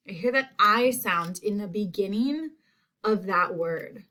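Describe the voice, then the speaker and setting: Slow, deliberate woman teaching spelling. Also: medium pitch, lively intonation, bright, forceful tone. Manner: slow, drawn-out repetition of words. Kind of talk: spelling lesson for children. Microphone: home recording.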